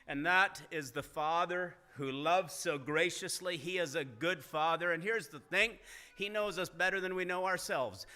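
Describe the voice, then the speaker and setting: Bright-voiced male pastor preaching. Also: fairly high pitch, moderate pace. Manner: earnest preaching, rising emphasis in retold dialogue. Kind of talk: sermon. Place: church sanctuary.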